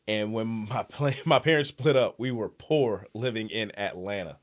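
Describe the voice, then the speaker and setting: A man's voice: lowish voice, moderate pace. A young man from New York City, co-hosting a comedy podcast, telling profane stories with lots of laughter. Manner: animated, laughing, profane storytelling. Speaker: podcast co-host. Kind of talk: casual chat, storytelling.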